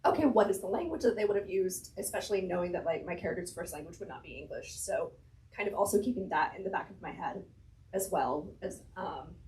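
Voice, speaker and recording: A woman's voice: fairly low pitch, expressive, quick pace, a little mellow, poor audio. A woman chatting as an author guest in an interview, thinking aloud, laughing often, her voice slightly strained. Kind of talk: casual conversational interview.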